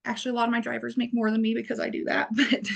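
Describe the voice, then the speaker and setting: A woman's voice: on the high side, monotone, rapid-fire, vocal fry. Woman, business owner guest, rambling and wordy, casual podcast chat. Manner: wordy, rambling, many fillers.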